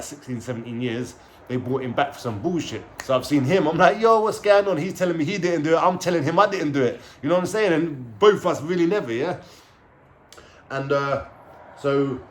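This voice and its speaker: A man with a London accent recounts a story straight to camera, lively and animated. His talk is loose and streetwise, thick with slang and casual swearing. His voice sits at an ordinary middle pitch for a man. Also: a little hiss or hum. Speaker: vlogger telling his life story.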